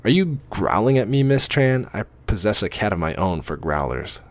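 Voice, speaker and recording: A man's voice: on the low side, big pitch swings, no room sound. A man reading as a formal, commanding lover. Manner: measured and formal.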